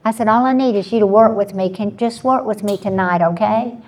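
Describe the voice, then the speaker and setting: A woman's voice: mid-range voice, a little fast, darkish tone. A woman in her seventies, a panelist sharing an earnest personal story with frequent restarts. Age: 70s.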